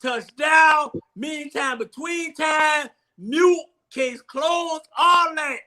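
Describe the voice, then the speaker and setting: A man hosting a casual chat show, talking loudly and joking with his co-hosts. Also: very high-pitched, extremely slow, poor audio. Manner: loud, joking, laughing often.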